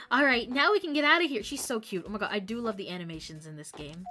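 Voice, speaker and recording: A woman streaming a game, reacting excitably with squeals and giggles between the lines she reads. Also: a little high, normal speed. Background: faint game music.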